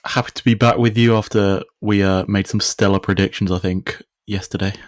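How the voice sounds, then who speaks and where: Deep, flat-voiced male co-host, measured analysis, dry recording. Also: no room sound. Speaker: podcast co-host. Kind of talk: casual sports podcast chat.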